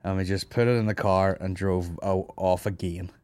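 A man's voice: low voice, fairly even intonation, moderate pace, a little mellow, no room sound. A Northern Irish man in his thirties hosting a comedy podcast, telling a long, sweary story and laughing his way through it. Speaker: podcast host. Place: studio office.

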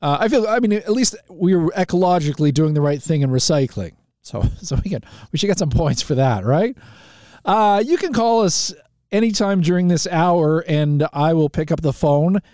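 A man's voice: on the high side, expressive, normal speed, mellow, no echo, studio quality. A man from Canada hosting a live call-in talk show, chatting casually with rambling asides, fillers and restarts.

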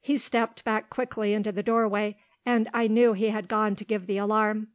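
A woman narrating a storybook in a steady, measured reading voice. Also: medium pitch, no echo. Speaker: audiobook reader.

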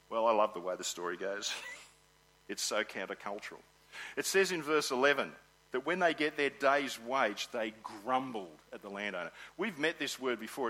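A man preaching a sermon in an animated way, acting out the people in his story. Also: mid-range voice, low-quality recording. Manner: animated, acts out grumbling workers.

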